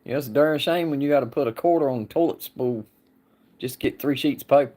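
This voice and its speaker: A man's voice: medium pitch, fast, dark tone. A man talks in a casual livestream chat. He rambles in a folksy way, answering viewers and laughing often. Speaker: livestream host.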